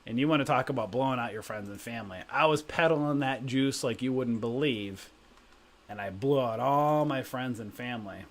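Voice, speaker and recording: A man's voice: medium pitch, moderate pace. A middle-aged man hosting a live stream, telling rambling anecdotes in casual chat and often asking "right?". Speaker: stock trading stream host.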